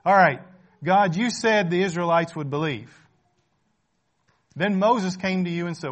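A man's voice: high-pitched, a little slow, fairly bright tone. A man preaching a sermon in a conversational way, asking rhetorical questions, checking in with the listeners and repeating phrases for emphasis.

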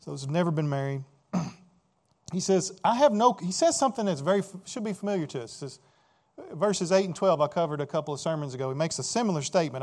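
A man with a slightly high voice preaches verse by verse. He asks rhetorical questions, then leans hard on key words, swinging between quiet asides and loud emphasis. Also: animated, quick pace. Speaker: pastor. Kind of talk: expository sermon.

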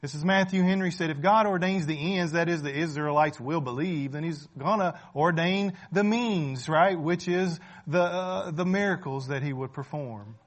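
A man delivering a sermon with a fairly high voice. He talks casually, poses questions to his listeners and repeats key phrases to drive them home. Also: moderate pace, hardly any pauses. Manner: rhetorical questions, often checking in with "right?"; repeats phrases for emphasis, conversational. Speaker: preacher.

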